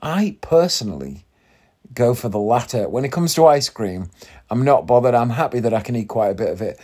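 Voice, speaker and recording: A man's voice: medium pitch, very animated, fairly quick, warm tone. A man hosting a podcast, chatting casually and rambling with self-deprecating asides, tired and yawning. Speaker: podcast host. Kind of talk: casual solo podcast chat.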